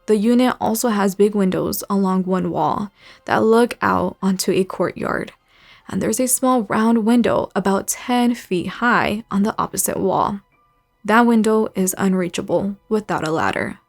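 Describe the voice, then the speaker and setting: A woman hosting a channel where she reads subscribers' scary stories aloud, telling them in a measured, suspenseful way. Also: mid-range voice, gravelly, faint music behind. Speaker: host reading subscriber stories. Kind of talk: scary story narration.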